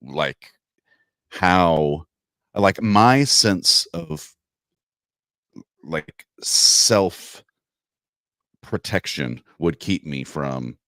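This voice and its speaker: A man's voice: extremely low pitch, expressive, drawn-out words, pauses often, a bit bright, no room sound. A man co-hosting a podcast in casual chat, with dry, self-mocking humor. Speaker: podcast co-host.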